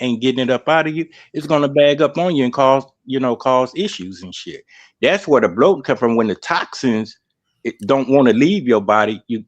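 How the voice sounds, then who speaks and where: A man talking in casual, brash livestream banter, animated and swearing freely. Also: medium pitch, highs cut off. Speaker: panelist.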